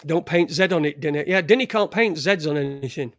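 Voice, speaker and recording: A man's voice: fairly high pitch, fairly quick, no room sound, clean studio sound. A middle-aged man with a Yorkshire accent, hosting a casual livestream with rambling, crude, joking chat. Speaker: livestream host. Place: home studio in front of a green screen.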